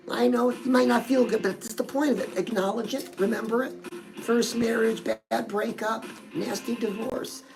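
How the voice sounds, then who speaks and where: A woman's voice: sits high, rough recording. A woman hosting a comedic live self-help show, chatty and sassy, who keeps calling her listener "girl".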